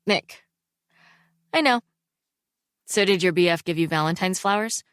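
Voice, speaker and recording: A woman voicing a teenage boy with a deep, slightly gravelly voice, dry and teasing on the phone. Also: a little slow, a bit bright, dry recording.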